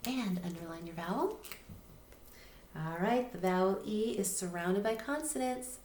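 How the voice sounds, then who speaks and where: A woman's voice: mid-range voice, measured pace, darkish tone, reverberant, slight background noise. A woman teacher giving a patient recorded phonics lesson to young children, spelling words out letter by letter. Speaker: reading teacher.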